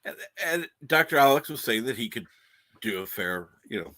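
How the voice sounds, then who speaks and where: A man's voice: mid-range voice, animated, normal speed, pushed and bright, no echo. A man hosting a casual livestream, reading the chat aloud and laughing often. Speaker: livestream host.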